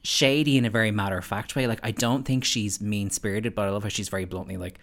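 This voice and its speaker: A man with a fairly low voice co-hosting a casual podcast. He sounds amused and wry, often laughing as he chats. His delivery stays relaxed and conversational. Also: quick pace. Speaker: podcast co-host. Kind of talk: casual chat.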